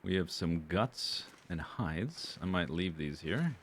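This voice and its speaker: A man's voice: low voice, lively intonation, slow, a bit bright, a little hiss or hum. A man streaming a survival game, chatting casually and rambling as he goes through his gear and plans. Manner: chatty, rambling, self-correcting. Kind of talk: casual gameplay commentary.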